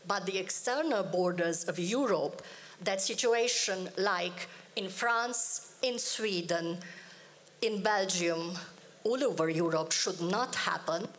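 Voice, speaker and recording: A woman's voice: medium pitch, a bit bright. A woman giving a formal panel speech, emphatic and repeating key phrases. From Hungary. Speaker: politician on a panel.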